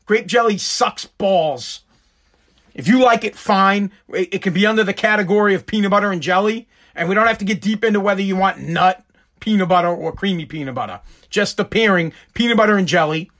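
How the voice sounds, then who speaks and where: Man, massachusetts accent, podcast host, profane ranting, fairly high voice. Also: a bit bright. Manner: profane, blunt, fired-up. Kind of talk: casual ranting commentary.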